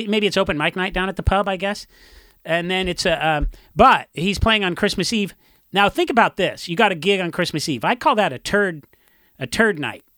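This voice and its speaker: High, bright-voiced rambling musician, man. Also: dry recording, clean studio sound. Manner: rambling storyteller, frequent restarts and fillers. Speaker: punk musician discussing a song. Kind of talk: casual chat.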